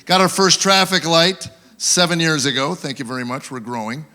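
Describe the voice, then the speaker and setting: A man doing stand-up on an awards show stage, spinning wry stories about home life. His voice is bright and sits a little high. He slips in quick character voices for his punchlines. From Tennessee, USA. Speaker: stand-up comedian. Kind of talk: live stand-up routine.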